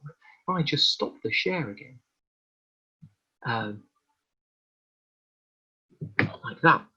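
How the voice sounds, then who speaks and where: A man presenting a live online science demonstration for children, explaining each step in a lively, hands-on way. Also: a little high, husky, dull audio.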